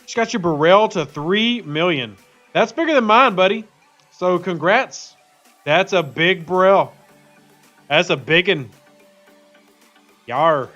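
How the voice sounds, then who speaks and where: A man with a fairly high voice hosts a live game stream, chatting in a quick, upbeat way and greeting viewers one by one. The audio is slightly dull and lo-fi, with faint music underneath. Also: expressive, pushed and bright. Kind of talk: casual live-stream chat.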